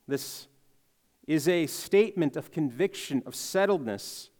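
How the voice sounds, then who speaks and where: Earnest high-voiced man preaching in a hall. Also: very animated, measured pace. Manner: earnest, emphatic on key words, reflective. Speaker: pastor. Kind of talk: sermon.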